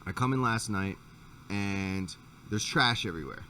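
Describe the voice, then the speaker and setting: A man with a fairly low voice hosts a podcast and rambles through a profane anecdote, restarting his sentences as he goes. He sits a bit back from the microphone, and a faint hum of background noise runs underneath. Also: a little slow, bright, forceful tone, distant mic. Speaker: podcast host. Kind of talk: casual chat, storytelling.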